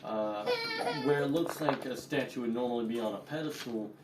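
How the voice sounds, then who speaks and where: A man narrating as game master, pausing and searching for words as he describes the scene. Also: medium pitch, reverberant, distant mic, heavy background noise.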